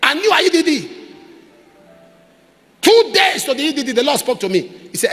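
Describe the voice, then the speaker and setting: A man with a Nigerian English accent preaching a sermon, swinging between loud fervent outbursts and low, quiet storytelling. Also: big pitch swings, fairly quick, long pauses. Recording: large hall reverb, faint noise.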